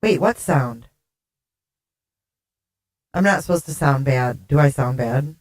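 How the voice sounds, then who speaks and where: A woman's voice: extremely low pitch, expressive, slow, a little mellow. A woman hosting a casual livestream, chatting with viewers by name, giggling and flustered while swearing casually, her voice run through a glitchy voice changer that makes her sound alien. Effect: glitchy voice changer making her sound alien. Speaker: livestream host. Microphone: desktop streaming mic.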